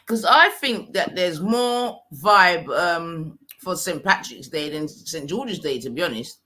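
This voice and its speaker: A man's voice: fairly high pitch, animated, slow, sharp tone. A man in casual, hesitant, slangy podcast chat. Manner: hesitant, filler-heavy, slangy.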